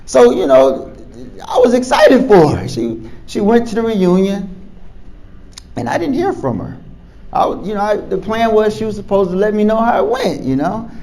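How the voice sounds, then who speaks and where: A male physician speaking to camera with a lively voice that rises and falls a great deal. His pitch sits a touch high for a man, and he chuckles and stumbles over repeated words as he tells the story. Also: normal speed, low-quality recording. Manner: animated, chuckles often, repeats words as he talks.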